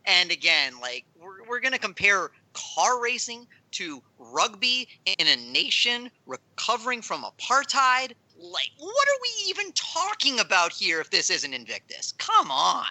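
A man's voice: sits high, wildly swooping pitch, a little slow, few pauses, pushed and bright, dry recording, rough recording. A man on a podcast panel, exasperated and dismissive as he rattles off his case. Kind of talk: casual podcast chat.

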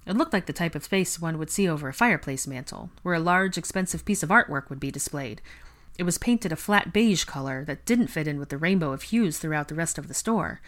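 Low-voiced woman reading a story. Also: fairly quick. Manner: steady storytelling delivery. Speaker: narrator. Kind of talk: fan fiction audiobook reading.

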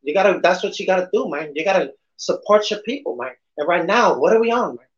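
Doing a swaggering gangster impression, a man ends almost every phrase with "man," speaking with a slight lisp. He's high-pitched, expressive, and fast, heard in an echoey room on dull lo-fi podcast audio.

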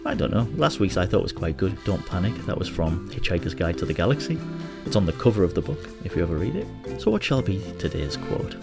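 A man with a Hartlepool accent hosts his own show, telling jokes and stories in a casual, chatty way. His voice sits fairly low and swings up and down with plenty of expression. Faint music plays behind him. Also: sing-song, fast, creaky. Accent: Hartlepool English. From Hartlepool, England. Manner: jokey, chatty storyteller who laughs at his own jokes. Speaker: host. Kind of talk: casual monologue and storytelling.

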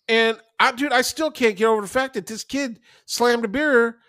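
A man's voice: very high voice, normal speed, smooth, no echo, studio quality. A man in his thirties, a podcast co-host, telling stories in casual chat and swearing freely. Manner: animated storytelling, swearing, acting out voices in quotes.

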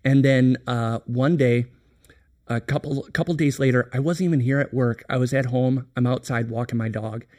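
Middle-aged guy on a business podcast, earnest and reflective, keeps restarting, average pitch. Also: fairly even intonation, normal speed, darkish tone. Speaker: company president, podcast guest. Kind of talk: candid business podcast conversation.

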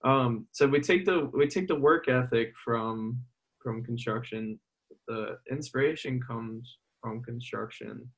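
A man's voice: medium pitch, measured pace, fairly bright tone, breathy edge. A man interviewing a guest in a casual, rambling way, full of fillers. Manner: casual, filler-heavy questions.

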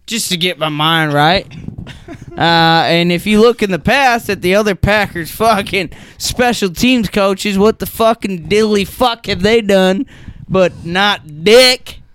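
A man's voice: high-pitched, measured pace, fairly bright tone, clean tone. A man playing a drunk, crude football coach who rambles and swears heavily at a mock press conference. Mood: rambling. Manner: rambling, stumbling, heavy swearing. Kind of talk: improvised comedy sketch.

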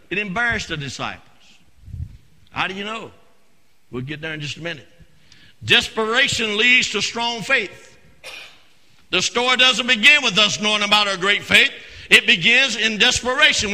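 A man preaches to his congregation with a piercingly bright, tense voice, urging them to call back and lacing his lines with "uh" and restarts. He swings between shouted passages and hushed asides. A long church reverb trails every phrase. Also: very high voice. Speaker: senior pastor. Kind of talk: sermon. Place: church sanctuary.

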